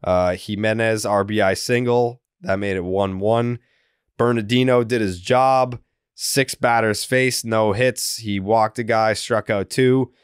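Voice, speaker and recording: Male podcast host, smooth tone, rambling sarcastic recap. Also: fairly low pitch, fairly even intonation, a little slow, no echo, studio quality. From Boston area. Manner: sarcastic, rambling, swears freely. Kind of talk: casual sports podcast chat.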